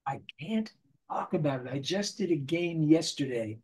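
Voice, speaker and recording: A husky voice on the high side, at normal speed, belongs to an older man, a voice actor guest in a casual interview, who tells his stories with animation and acts out little voices.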